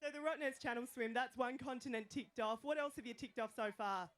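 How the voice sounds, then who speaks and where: An enthusiastic woman reporting from the finish area of a swim event, encouraging the crowd to cheer. Her voice sits a little high. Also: fairly quick, fairly bright tone. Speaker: roving reporter. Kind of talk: live event interviewing.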